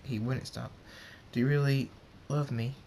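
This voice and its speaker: A man voicing a shy, gentle female pegasus pony, speaking softly and timidly in a raised voice. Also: medium pitch, fairly even intonation, a little slow, creaky, slight background noise. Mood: tender. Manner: soft and timid, breaking into cries.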